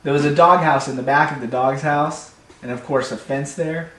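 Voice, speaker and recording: A man telling a comic personal story in an animated, playful way, recorded in an echoey room. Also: on the high side, moderate pace. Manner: animated, playful, builds to shouts. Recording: echoey room, faint hum.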